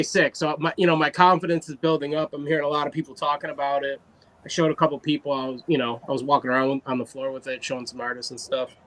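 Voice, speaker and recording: A man casually telling an animated story about his art, full of fillers and quoted asides. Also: fairly high pitch, poor audio. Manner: animated, loose anecdote with fillers. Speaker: guest artist.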